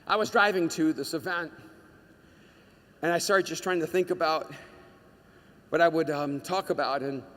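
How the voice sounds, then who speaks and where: A man preaching a sermon to a congregation, telling a personal story in an animated way and shouting out the lines he quotes. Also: fairly high pitch, normal speed, pauses often, in a large hall. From United States. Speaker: pastor.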